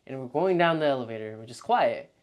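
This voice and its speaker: A young man talking casually to camera as a vlog host, telling animated stories and acting out his past thoughts, with lots of "like.". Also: medium pitch, fast, muffled recording. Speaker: freelance marketer and video host.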